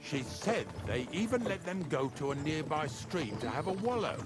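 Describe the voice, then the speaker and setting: A man's voice: on the high side, very animated, normal speed, music in the background. An actor playing a coarse, joking male knacker in a video game, blunt and folksy. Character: coarse, joking male knacker who hauls dead animals. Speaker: game character. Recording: game audio with loud ambient noise.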